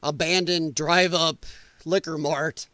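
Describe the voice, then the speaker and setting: High-voiced man hosting a livestream. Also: fairly even intonation, takes it slowly, pushed and bright, no echo. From United States. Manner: rambling, reacts aloud to viewer chat. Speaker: podcast host. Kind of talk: casual livestream commentary.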